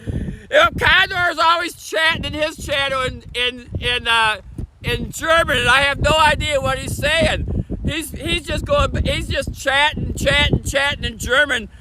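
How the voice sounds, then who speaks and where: A man with a Michigan accent chatting fast and casually on a livestream, sitting outdoors on a bench by a bridge. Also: very high voice, noisy background. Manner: talks fast, chatty, laughs often. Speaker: streamer. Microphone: phone camera on a tripod.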